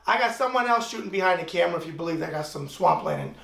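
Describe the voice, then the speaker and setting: A man's voice: high-pitched, lively intonation, fast, gravelly, a bit bright. A man from the US East Coast hosting a web talk show, doing a brash, wisecracking, opinionated opening monologue. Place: room in Tulsa, Oklahoma. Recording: roomy echo, mic at a distance.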